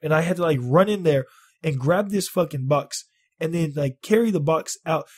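A man vlogging, telling a story in casual, profane talk, animated and exaggerating. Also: on the high side, moderate pace, husky. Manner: animated, swears a lot, exaggerates.

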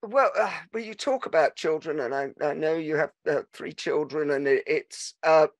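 A man's voice: a little high, normal speed, no room sound. A man hosting a podcast, chatting casually and telling anecdotes with frequent restarts. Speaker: podcast host. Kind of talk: casual interview chat.

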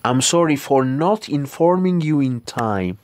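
A man with an Ethiopian accent, a native Amharic speaker, teaching English by slowly and carefully repeating model phrases. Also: a little high, lively intonation, darkish tone, no echo. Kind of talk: language lesson.

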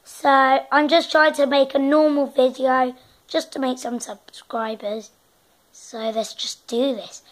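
A woman's voice: high voice, level tone, slow. A young woman vlogging casually, hesitant and self-conscious as she tries out accents. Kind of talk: casual vlog, trying out accents.

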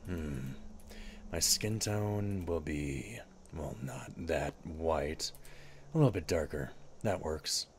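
Gruff, wry lizard-folk adventurer, put on by a man for in-character game commentary, deep and dry, faint hiss behind. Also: expressive, slow pace, heavily acted. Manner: dry sarcastic asides. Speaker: streamer.

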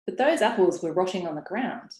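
A courteous young single mother, voiced by a woman reading her own book, trying to smooth things over with a hostile neighbour. She speaks in a low-pitched, polite voice, and the audio has a roomy echo. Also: expressive, fairly quick, dark tone, lightly acted. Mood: bewildered. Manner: courteous and conciliatory.

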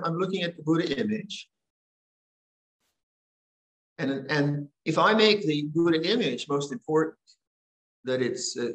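An older man teaching at a monastery, giving a gentle, conversational dhamma talk with frequent restarts. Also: fairly high pitch, roomy sound, poor audio. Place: monastery hall.

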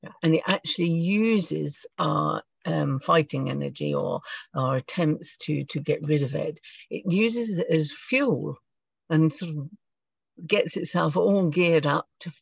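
A woman leading an online group meditation, talking softly and reflectively, gently guiding listeners. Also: low voice, unhurried, creaky, husky, no echo, dull audio. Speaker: meditation leader. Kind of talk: gentle spiritual talk. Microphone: video call.

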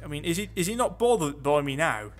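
A man's voice: fairly high pitch, sing-song, fast, soft background music. A man giving casual, sarcastic commentary while playing a video game, talking to himself. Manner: chatty, sarcastic, muttering to himself. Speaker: gameplay commentator. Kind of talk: casual let's play commentary.

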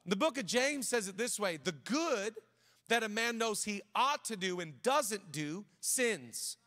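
A man's voice: sits high, expressive, a little slow. A middle-aged man, a pastor, preaching a sermon in a casual, conversational way, breaking into personal stories with frequent restarts. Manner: conversational, many restarts, drops to quiet storytelling. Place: large church auditorium. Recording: long hall reverb.

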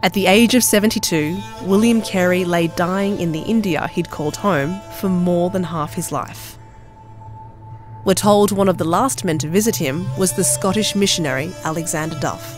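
A man with a notably high voice reads documentary narration in a measured, earnest tone. Faint music plays softly behind him.

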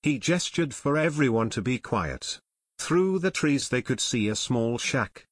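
A man's voice: medium pitch, lively intonation, a little slow, slightly rough, no room sound. A man narrating an audiobook expressively, voicing every character.

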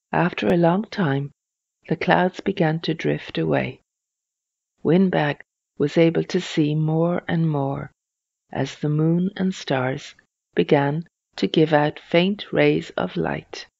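A reader telling a children's storybook in a slow, even storytelling manner. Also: medium pitch, gravelly, no room sound, highs cut off.

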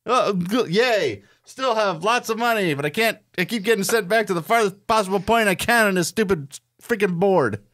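A man's voice: high-pitched, moderate pace, hardly any pauses, fairly bright tone, dry recording, clean studio sound. A man co-hosting a board game show, playing along in casual banter with sarcastic, grumbling remarks. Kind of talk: casual play-through banter.

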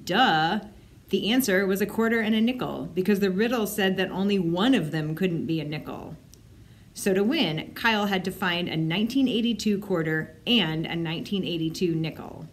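A woman librarian reading a children's book aloud with expressive storytelling. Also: on the low side, moderate pace.

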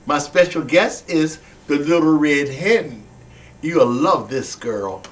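Animated man hosting a children's show. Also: fairly high pitch, takes it slowly, recorded from a distance. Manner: animated, exaggerated, teasing. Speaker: children's entertainer and show host. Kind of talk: playful children's show banter.

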